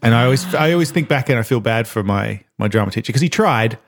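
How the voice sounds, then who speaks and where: Aussie bloke rambling on a podcast, swears, laughs a lot. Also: male voice, medium pitch, animated, fast talker, slight background noise. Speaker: podcast co-host. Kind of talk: casual chat.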